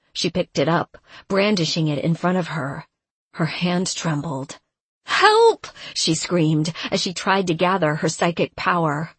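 A woman narrates a story in a measured, steady reading. Her voice is low and husky, and she takes her time. The recording is dry and close. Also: no echo. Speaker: audiobook narrator. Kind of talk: scripted narration.

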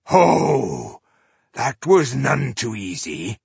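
Guy doing a gruff dwarf warrior, growly and loud, yells his taunts, husky. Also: mid-range voice, extremely slow, no room sound, exaggerated voice. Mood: urging. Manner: growling, bellowing battle taunts. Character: gruff battle-hungry male dwarf warrior.

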